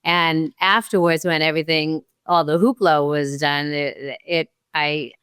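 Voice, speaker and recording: A woman in her sixties, a podcast guest, telling a story and acting out her own past thoughts with lively energy. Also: sits low, a little slow, clear, resonant tone, no echo, studio quality. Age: 60s. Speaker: podcast guest, martial arts champion. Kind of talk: storytelling in an interview.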